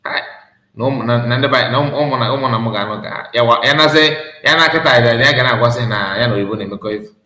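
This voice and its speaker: A man's voice: mid-range voice, rapid-fire, bright, forceful tone, echoey room, low-quality recording. A man with a Nigerian accent hosting a reaction commentary, laughing often, repeating himself and switching into Igbo. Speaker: commentary host.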